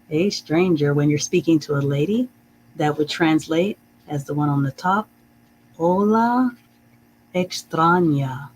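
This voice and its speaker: A teacher leading a live-streamed reading lesson, saying phrases slowly and carefully, checking in with "okay?" and chuckling often. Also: medium pitch, a little hiss or hum, poor audio. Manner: reads out viewer comments.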